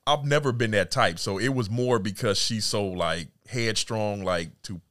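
A middle-aged man with a very low voice, talking in a relaxed interview. He chats in an easygoing, self-deprecating way, with plenty of fillers. The sound is dry, with no room echo. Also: a little slow. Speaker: podcast guest, husband. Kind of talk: casual interview chat.

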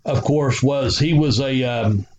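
A man's voice: mid-range voice, takes it slowly, a little mellow. A man, a guest telling rambling stories and swearing freely. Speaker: guest, former wrestler. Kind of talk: casual storytelling. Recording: roomy, slightly dull recording.

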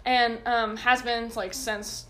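A woman's voice: fairly high pitch, level tone, slow, pushed and bright. A young woman hosting a casual podcast, rambling through her list with lots of ums and giggles. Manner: rambling, many fillers, giggly. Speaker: podcast host. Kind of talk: casual chat.

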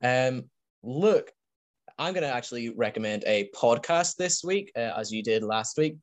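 A man's voice: mid-range voice, lively intonation, moderate pace. Chatty, enthusiastic man hosting a podcast. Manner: enthusiastic, laughs often, rambling. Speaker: podcast host. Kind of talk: casual podcast chat.

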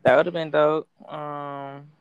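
A woman co-hosting a casual podcast chat, telling stories in a relaxed, slangy way. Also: sits low, slow pace, highs cut off, noisy background. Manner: laid-back, slangy storytelling. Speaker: podcast co-host.

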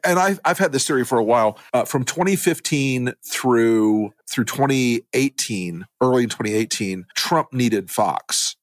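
A man's voice: mid-range voice, dry recording. Sardonic middle-aged male podcast co-host. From United States. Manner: sardonic, wry and gleeful. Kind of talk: political podcast chat.

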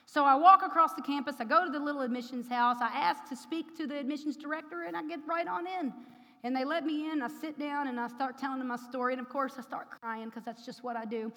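A woman preacher telling a personal testimony in a sermon, rising to loud, emphatic preaching. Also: high voice, quick pace. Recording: long hall reverb.

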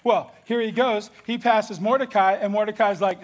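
A man retelling a Bible story in a casual, animated and slangy way, as a teacher. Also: high voice, normal speed.

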